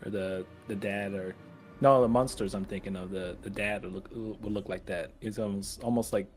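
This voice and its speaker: Man, podcast co-host, low-pitched, hesitant, halting. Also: fairly even intonation, faint music behind. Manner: hesitant, halting with fillers and restarts. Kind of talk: casual review chat.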